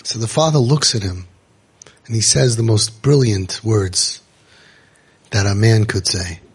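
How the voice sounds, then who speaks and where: A man hosting a parenting podcast, telling stories to parents in an animated way. He acts out the voices he quotes and drops Yiddish and Hebrew words into his talk. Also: lowish voice, unhurried, slightly rough. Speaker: parenting coach and podcast host.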